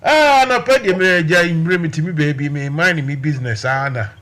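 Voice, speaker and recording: A man hosting a night-time talk radio show in a relaxed, hesitant way. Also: a little high, brisk.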